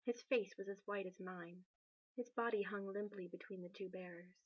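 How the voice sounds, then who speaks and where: A woman reading a novel aloud in a steady, measured narration. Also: medium pitch, slightly rough, dry recording, lo-fi sound. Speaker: reader.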